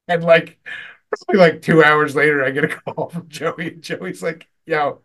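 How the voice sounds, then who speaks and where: A man's voice: a little high, steady tone, a bit bright. Profane, rambling man telling work stories. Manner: profane, rambling, quick to laugh. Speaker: podcast host. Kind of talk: casual storytelling chat.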